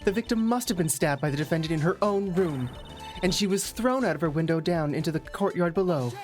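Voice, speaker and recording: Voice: mid-range voice, expressive, darkish tone, faint music behind, natural voice. Someone playing a cold, haughty young prosecutor woman. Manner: cold, condescending, measured.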